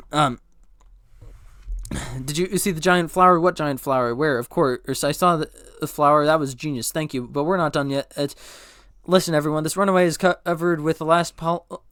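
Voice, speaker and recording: A man tears through a movie script as a comedic speedrun, voicing every line himself. His voice is smooth and a little high, and he trips over words, backs up and corrects himself with a flat, deadpan delivery. The sound is close and dry, with no room around it. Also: moderate pace, no echo. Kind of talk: rapid comedic script read-through, all parts.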